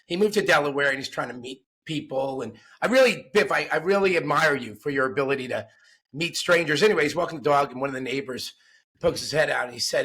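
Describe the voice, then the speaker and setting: A man co-hosting a podcast, telling jokes and stories in an animated way with silly voices. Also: fairly high pitch, fast talker, breathy edge. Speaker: podcast co-host. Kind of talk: casual joke telling.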